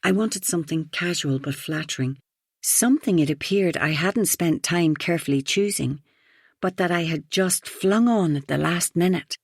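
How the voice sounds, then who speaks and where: A woman narrating a first-person audiobook thriller in an even, reflective storytelling manner. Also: fairly low pitch, normal speed, husky, no room sound, clean studio sound.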